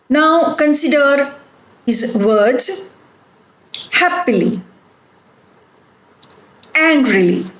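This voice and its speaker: Slow, deliberate woman lecturer, echoey room. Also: on the high side. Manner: slow, deliberate, modelling words one by one. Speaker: university lecturer. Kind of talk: recorded phonetics lecture.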